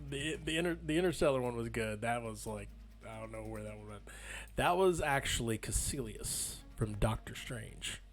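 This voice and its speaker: A young man co-hosting a casual movie podcast, playful and quick to laugh. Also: medium pitch, lively intonation, soft background music. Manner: playful, laughs often, does loud movie-quote impressions. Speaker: podcast co-host.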